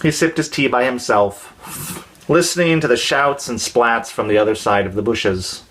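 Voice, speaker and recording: A man reading a children's story aloud in a gentle, expressive way. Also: mid-range voice, normal speed.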